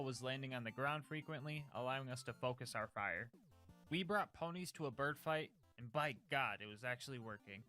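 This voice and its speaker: A man's voice: medium pitch, pushed and bright. A man narrating a scripted gameplay recap of a challenge run in a jokey, upbeat, slangy way.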